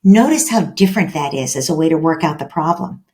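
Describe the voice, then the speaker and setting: Female expert guest, lowish voice, steady and explanatory, interview setting. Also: fairly quick. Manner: calm, explanatory, acts out quoted dialogue. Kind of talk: podcast interview.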